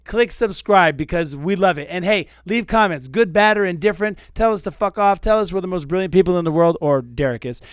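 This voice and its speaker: High-pitched dude co-hosting a podcast, loud and crude, lots of swearing, dry close mic. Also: male voice, brisk, few pauses, clean tone, no room sound. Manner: loud, profane storytelling. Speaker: podcast co-host. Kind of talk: crude casual chat.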